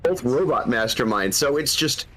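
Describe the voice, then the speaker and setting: A man with a husky voice from a cold, chatting casually and eagerly explaining game lore while streaming. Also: medium pitch, animated, moderate pace, fairly bright tone, poor audio. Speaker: gaming streamer. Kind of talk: casual gaming stream chat.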